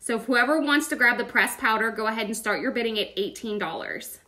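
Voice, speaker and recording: A woman's voice: on the high side, quick pace, pushed and bright. A woman, chatty and upbeat, running a casual live-stream auction and calling out bids by name. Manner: playful, laughs often.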